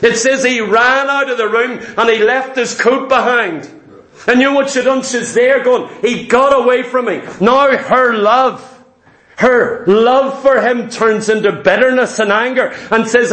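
A man's voice: extremely high pitch, a little slow, fairly bright tone, echoey room. A man preaching a sermon, often asking the congregation rhetorical questions.

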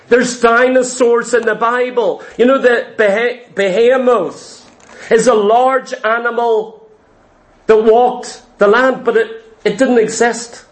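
A man preaching a sermon, emphatic and full of repeated rhetorical questions. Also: very high-pitched.

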